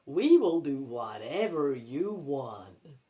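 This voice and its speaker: A Scottish woman voicing a blank-eyed zombie grandfather who mumbles slowly and low. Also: big pitch swings, dark tone, full character voice.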